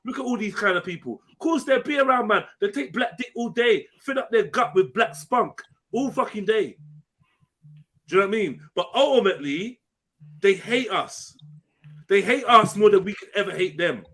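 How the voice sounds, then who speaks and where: A man's voice: sits high, animated, normal speed, a bit bright. A man, ranting angrily and swearing on a live panel show. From England. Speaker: panel host. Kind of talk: heated live panel discussion.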